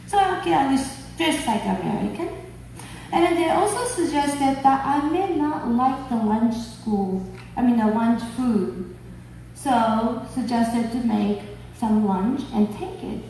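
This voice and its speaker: A woman in her fifties from Japan, speaking English with a Japanese accent, telling a personal story at a conference in a slow, heartfelt, expressive way. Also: on the high side, slight background noise. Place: conference hall. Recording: echoey hall, mic at a distance.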